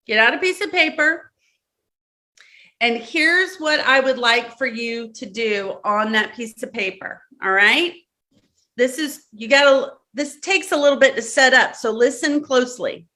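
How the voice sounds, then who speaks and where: A woman with a Southern accent leads a live-streamed workshop in a high-pitched, pushed, bright voice. She gives step-by-step instructions to her audience, repeating key words and checking in often.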